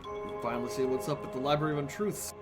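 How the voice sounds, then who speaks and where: A man's voice: mid-range voice, steady tone, fast talker. A man streaming a video game, rambling casually and swearing as he plays. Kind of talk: casual gameplay commentary. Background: game music.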